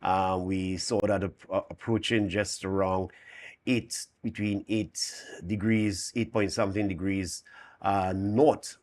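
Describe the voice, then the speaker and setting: A man's voice: deep voice, fairly even intonation, a little slow, a little mellow. A man with a Trinidad and Tobago accent, an emergency official giving a detailed, figure-laden update in a morning show interview.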